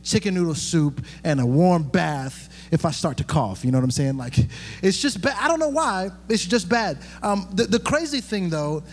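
A man's voice: high voice, lively intonation, moderate pace, a little hiss or hum. Young male pastor in an echoey hall. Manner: conversational, joking, with many fillers and restarts. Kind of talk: sermon.

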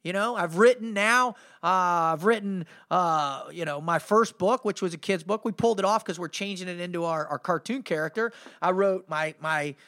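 A man's voice: sits high, moderate pace, few pauses, pushed and bright. A middle-aged man hosting a motivational podcast, telling a story in a fired-up, slangy way and saying "man" a lot. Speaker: podcast host and motivational speaker. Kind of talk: energetic storytelling monologue.

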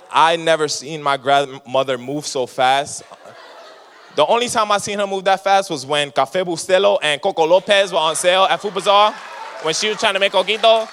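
Storytelling young preacher in a reverberant hall. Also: male voice, a little high, moderate pace. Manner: animated, acts out voices in his stories. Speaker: youth pastor. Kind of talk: sermon with storytelling.

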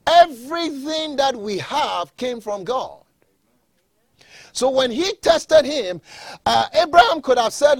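A man's voice: very high-pitched, animated, slow, dry recording. A male pastor reading scripture aloud and then preaching a sermon with emphatic repetition.

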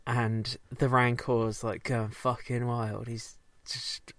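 A man casually recapping a show, rambling, swearing often and slipping into quick silly character voices. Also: mid-range voice, flat delivery, a bit bright, dry recording. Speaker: podcast co-host recapping a show. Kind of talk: casual chat.

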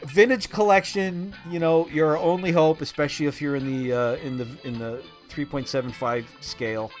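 A man co-hosting a collecting podcast, telling stories in an upbeat, casual way. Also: medium pitch. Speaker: podcast co-host. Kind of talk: casual chat.

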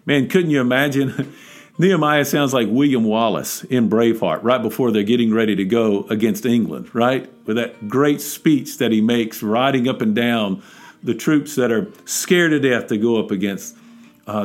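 Man preaching over soft guitar. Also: mid-range voice, moderate pace. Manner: exhorting, emphatic, rising to urgent peaks. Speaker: podcast preacher. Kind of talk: devotional podcast sermon.

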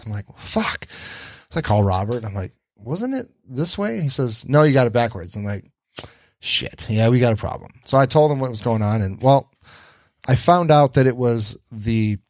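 A man's voice: medium pitch, a little mellow, dry recording. A man hosting a podcast, telling a story casually, swearing freely and acting out the lines of the people in it. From Detroit area. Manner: swears freely, acts out quoted dialogue. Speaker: podcast host.

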